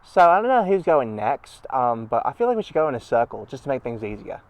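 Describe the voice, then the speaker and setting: A man's voice: mid-range voice, sing-song, a little fast, a little mellow. A man voicing a cheerful, bossy young girl puppy who organizes the group in an upbeat way.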